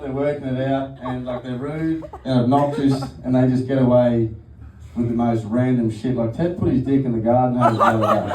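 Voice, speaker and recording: This is a male stand-up comic performing at a comedy venue, spinning crude, meandering tales and frequently bursting out laughing. His pitch is medium. He was recorded from a distance in a noisy, reverberant room.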